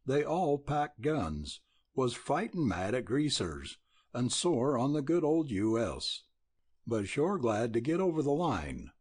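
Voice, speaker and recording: Man doing a frontier cowboy, cool drawl, husky voice, lively pitch, audiobook. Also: slow pace, heavily acted. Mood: laconic. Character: laconic male frontier cowboy.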